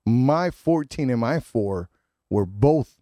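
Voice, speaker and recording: A man's voice: medium pitch, lively intonation, slow pace, dark tone, no room sound. A man hosting a morning radio show in a studio, chatting loosely, repeating himself and joking about himself. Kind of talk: casual radio banter. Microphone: studio microphone.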